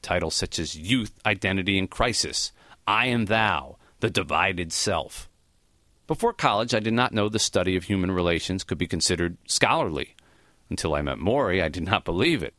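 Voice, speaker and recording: A man narrating a memoir in the first person, reflective and measured. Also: low voice, fairly bright tone, no room sound, clean studio sound. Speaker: audiobook narrator.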